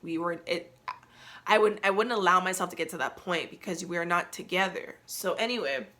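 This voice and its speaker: Young woman host with a bright, forward voice; candid, slangy, animated storyteller. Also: lowish voice, moderate pace. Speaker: podcast host. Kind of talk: casual storytelling podcast.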